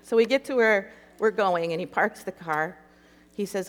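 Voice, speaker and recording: In a mid-range voice at a moderate pace, a woman shares an emotional personal story with an audience, giving voice to the characters as she goes. It's animated testimony, and the hall adds noticeable echo.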